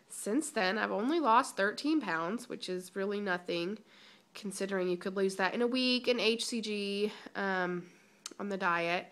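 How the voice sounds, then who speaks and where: A woman's voice: mid-range voice, a bit bright. A young woman giving a chatty, emotional personal vlog update, holding back tears, with many ums and restarts. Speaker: vlogger.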